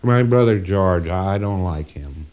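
A man's voice: deep voice, animated, voice pushed down. A man voicing a hesitant male patient who stammers and drags out his answers. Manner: halting, stammering. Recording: dull lo-fi tape recording.

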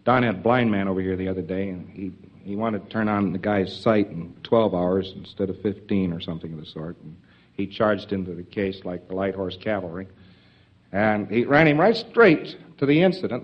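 A man's voice: deep voice, moderate pace, muffled recording. A man giving an informal lecture to trainees in a folksy, emphatic way, with joking asides.

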